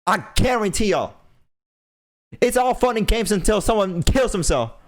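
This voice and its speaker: A man's voice: high-pitched, animated, moderate pace. A young man hosting a podcast, delivering an impassioned, preachy rant and repeating phrases for emphasis. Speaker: podcast host.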